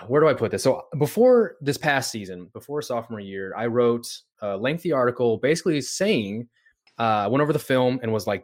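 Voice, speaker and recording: A man hosting a sports podcast, asking questions in a relaxed, loose way. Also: mid-range voice, normal speed. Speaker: podcast host. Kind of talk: casual podcast interview.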